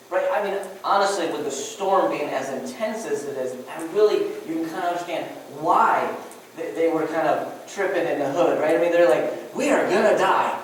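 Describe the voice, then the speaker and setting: Casual joking preacher, echoey church. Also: male voice, sits high. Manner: conversational and joking, many restarts. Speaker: pastor. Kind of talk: sermon. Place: church sanctuary. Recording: distant mic with echoey room and faint noise.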